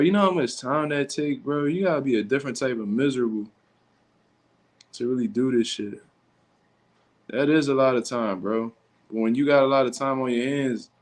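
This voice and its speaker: A man hosting a livestream who reacts to chat with blunt, slang-heavy, profane talk. His voice has a medium pitch and a loose, off-the-cuff delivery. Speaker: livestream host.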